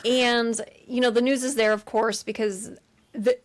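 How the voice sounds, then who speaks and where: A woman co-hosting a podcast, retelling a film in an animated way and acting out the scenes. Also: fairly high pitch, unhurried. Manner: animated retelling, acts out scenes with quoted voices and laughs. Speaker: podcast co-host. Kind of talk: casual chat recapping a film.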